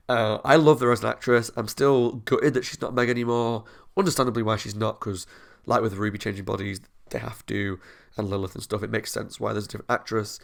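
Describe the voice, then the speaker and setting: A man's voice: on the low side, creaky. A young man hosting a TV reaction video, chatting in an enthusiastic, rambling way. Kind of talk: casual recap to camera.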